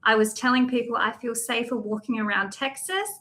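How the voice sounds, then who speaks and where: A woman's voice: on the high side, steady tone, brisk, bright, forceful tone. An Australian woman speaking as a guest, blunt and emphatic, talking with rising indignation. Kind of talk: impassioned interview talk.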